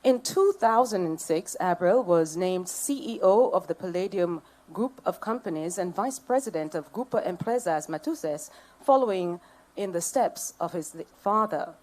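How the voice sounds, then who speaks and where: A woman's voice: fairly low pitch, expressive, normal speed, darkish tone. A woman with a Jamaican accent, serving as master of ceremonies at a public event. She speaks into a podium microphone, reading out dignitaries and bantering playfully with the audience. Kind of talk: ceremonial emcee address.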